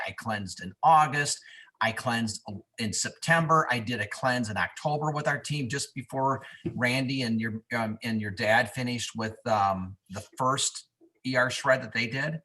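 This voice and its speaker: Forceful man chatting on a video call. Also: medium pitch. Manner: candid, self-mocking storyteller. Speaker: guest on a business video call. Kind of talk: casual testimonial chat.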